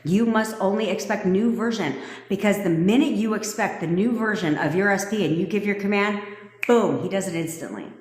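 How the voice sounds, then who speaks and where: A woman's voice: mid-range voice, brisk. Blunt, foul-mouthed woman in an echoey room. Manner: blunt, profane and bossy; loose and joking, with laughs. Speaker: manifestation coach. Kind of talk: live-stream coaching talk. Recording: echoey room with long reverb.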